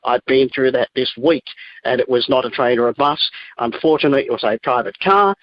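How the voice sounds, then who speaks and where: A man's voice: medium pitch, a little fast, highs cut off. A man joining a talk show remotely from abroad, rambling through sardonic greetings to listeners in a casual chat. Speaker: regular co-host. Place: in Australia.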